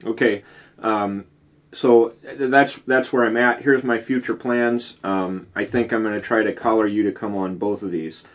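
Low-voiced guy rambling thru a story on a podcast, lots of likes, dull lo-fi sound. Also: fairly even intonation, moderate pace. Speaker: podcast co-host. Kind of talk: casual chat.

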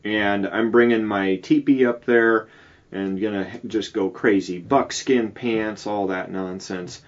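A man's voice: fairly low pitch, steady tone, a little slow, muffled recording. A man co-hosting a podcast, chatting casually and rambling through stories with many "like"s. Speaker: podcast co-host. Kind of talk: casual chat.

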